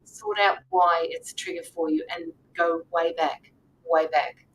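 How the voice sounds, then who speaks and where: A woman tarot reader speaks earnestly to her live-stream viewers, leaning on repetition and little "right?" check-ins. Her pitch swings widely and animatedly. She sits somewhat back from the microphone, and a low rumble runs quietly underneath. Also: huge pitch swings, a little slow, vocal fry, distant mic, poor audio. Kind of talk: live-stream reading, casual coaching talk.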